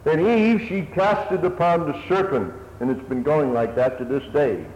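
Here the preacher's voice sits a little high and slightly mellow, moving at a moderate pace as he swells and dips through an earnest, old-style sermon. The audio is dull and lo-fi, hissing faintly in an echoey hall.

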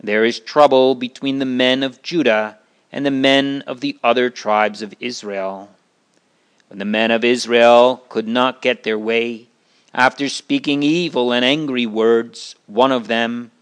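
Slow, earnest male storyteller. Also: mid-range voice, clean tone. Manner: slow, earnest, moralizing asides. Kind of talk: Bible story narration.

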